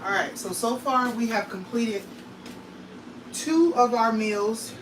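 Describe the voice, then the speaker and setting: A woman's voice: on the high side, slow, far from the mic, background noise. A woman vlogging casually from her home kitchen, talking straight to her viewers in a tired, emotional way. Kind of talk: casual vlog talk to viewers.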